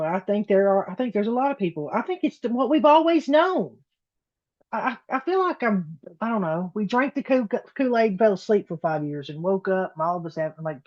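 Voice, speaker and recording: A woman's voice: mid-range voice, a little mellow, highs cut off. A woman giving a blunt, sassy casual opinion monologue and talking straight to her viewers. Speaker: political commentary creator.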